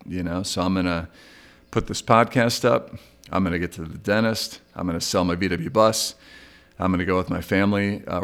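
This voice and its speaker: A middle-aged man hosting a solo podcast, talking candidly and reflectively about his own struggles. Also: low voice. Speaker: podcast host. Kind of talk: solo recovery podcast monologue.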